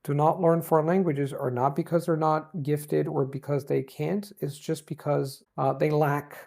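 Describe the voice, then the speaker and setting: An Italian man, a native Italian speaker, talking as an interview guest in English with a nearly American accent, reflective and animated. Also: a little high, moderate pace, creaky. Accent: Italian-born, near-American English. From Italy. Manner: reflective, animated, demonstrates sounds. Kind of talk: interview conversation.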